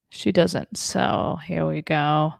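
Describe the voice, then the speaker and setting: A woman from Germany performs a stand-up set over a video call, talking in a chatty, self-deprecating way full of fillers. Her voice has a gravelly fry at the edges. The sound is dry and close. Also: low voice, no room sound. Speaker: stand-up comedian.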